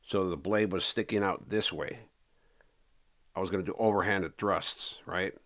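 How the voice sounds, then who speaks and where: A man casually recounting his own story in an interview, rambling with fillers and restarts, animated when telling action. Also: sits low, moderate pace.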